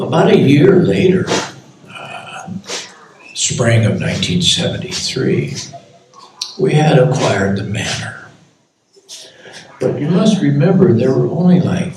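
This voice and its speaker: An older man in his eighties reads from his memoir, unhurried and measured, his pitch moving freely as he tells the story. He is heard from a distance in a big echoing hall, with a faint hum of ambience behind. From United States. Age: 80s. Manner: slow, measured reading with quoted speech. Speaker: author reading from his memoir. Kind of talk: book reading. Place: temple hall at a book launch. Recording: echoey hall from far off.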